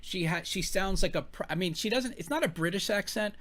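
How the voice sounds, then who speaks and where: A man from the United States with a slightly high voice, reacting to a livestream clip. He rambles and swears freely, starting his sentences over and over as he works out his point. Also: animated, brisk, a bit bright. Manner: rambling, profane, restarts his sentences often. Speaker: reaction commentator. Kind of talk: casual reaction commentary.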